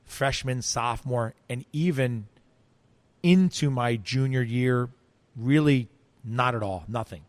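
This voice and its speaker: Animated man telling a story. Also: medium pitch, slow, no echo. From United States. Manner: animated storyteller, acts out quoted voices, frequent restarts. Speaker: interview guest. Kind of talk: storytelling in an interview.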